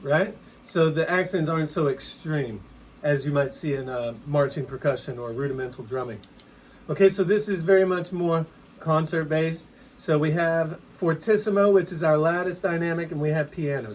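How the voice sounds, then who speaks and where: A man teaching percussion in a relaxed, conversational way, now and then singing rhythms aloud. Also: on the high side, a little hiss or hum. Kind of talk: casual instructional explanation.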